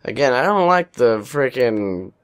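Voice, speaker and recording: A young man talks over a headset while he plays, giving casual commentary. He rambles on, runs himself down and swears freely. His voice sits at an ordinary middle pitch. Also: big pitch swings, measured pace, clean tone. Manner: rambling, self-deprecating, swears often. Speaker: gaming commentator.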